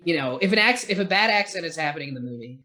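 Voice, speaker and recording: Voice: medium pitch, expressive, very fast, bright, forceful tone. A podcast co-host in casual film review chat, rambling and opinionated, swearing casually.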